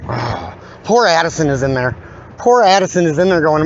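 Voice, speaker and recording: A father talking into his phone outdoors by parked cars, halting and repeating his phrases in a subdued way. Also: on the high side, sing-song, dull audio, a little hiss or hum. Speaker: father filming a police encounter. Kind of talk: casual handheld vlog.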